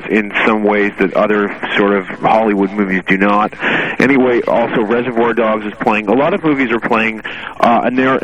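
A man's voice: on the low side, a bit bright. Male radio guest, rambling casual chat, you-know fillers, dull lo-fi audio. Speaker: radio contributor.

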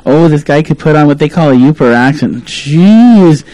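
A man's voice: a little high, lively intonation, normal speed, warm tone, no echo, poor audio. A Canadian man hosting a radio talk show, chatting casually and laughing often.

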